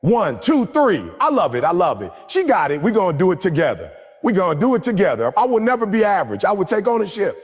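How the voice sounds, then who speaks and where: A man with a fairly high, animated voice delivers a live motivational speech in a large hall. He preaches and drives the crowd through repeated call-and-response chants. His voice rings out with a long reverb over faint background music. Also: fast talker, breathy edge. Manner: forceful, repetitive exhortation. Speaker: motivational speaker.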